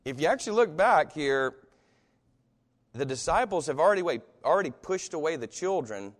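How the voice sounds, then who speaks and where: A man preaches in a relaxed, conversational way, slipping into the voices of the people he quotes. His voice sits a little high. The sound carries a long reverb, as in a large church hall. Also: moderate pace. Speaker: pastor. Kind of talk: sermon.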